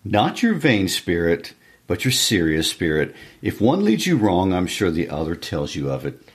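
A man reading the part of a dignified, gently teasing country gentleman from a novel, in a measured manner. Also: deep voice, wildly swooping pitch, slightly rough, exaggerated voice. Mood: gently chiding. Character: gentlemanly older male country squire. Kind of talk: reading a novel's dialogue aloud.

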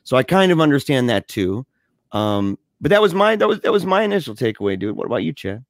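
A man telling a story in casual chat with a co-host, animated and slangy, laughing often as he talks. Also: medium pitch, quick pace, no room sound, studio quality. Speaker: podcast co-host.

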